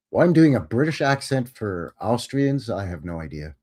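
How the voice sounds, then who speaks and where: A man with a fairly low voice hosts a live show, talking about photos in a relaxed way. His tone is wry and joking, and he is quick to sound amazed. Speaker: host.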